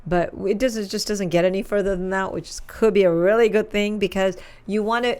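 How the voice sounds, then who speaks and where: A woman's voice: medium pitch, steady tone, a little fast, darkish tone, smooth. A woman from Pakistan, a radio DJ and spokeswoman, chatting and joking as a guest in an interview. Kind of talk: casual interview chat.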